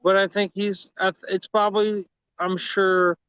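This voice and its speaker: A man's voice: high-pitched, little pitch movement, measured pace, fairly bright tone, clear, resonant tone, no echo, dull audio. A man from Texas, chatting casually on a livestream and telling stories full of swearing and laughter. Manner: profane, laughing storyteller. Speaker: livestream co-host. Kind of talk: casual chat.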